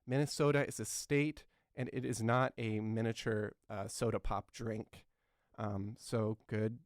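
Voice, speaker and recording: A man's voice: on the low side, level tone, measured pace, no echo, clean studio sound. A man in his twenties playing an earnest, clueless talk show host who rambles and fills his talk with ums and uhs. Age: 20s. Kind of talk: satirical talk show comedy.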